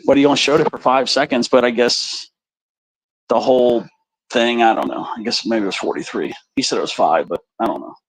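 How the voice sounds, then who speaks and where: A man's voice: medium pitch, fairly quick, no room sound, rough recording. A man hosting a live stream, chatting casually and crudely to his viewers in a rambling way. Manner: rambling, crude, talks straight to the chat.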